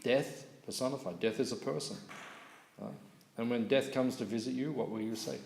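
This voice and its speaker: A man's voice: medium pitch, normal speed, gravelly, a little hiss or hum. Man telling scripture stories in an echoey hall. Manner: lively storyteller, asks audience questions, laughs. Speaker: temple class speaker. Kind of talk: scripture class storytelling. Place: temple hall.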